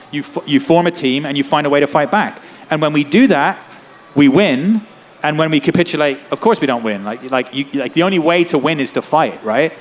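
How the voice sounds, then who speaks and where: A man's voice: mid-range voice, a little hiss or hum. A man, a lawyer and activist, speaking with passion at a festival tent talk, filling his speech with "like" and "right?". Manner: impassioned, rapid, many "like" and "right?" tags. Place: festival tent before an audience.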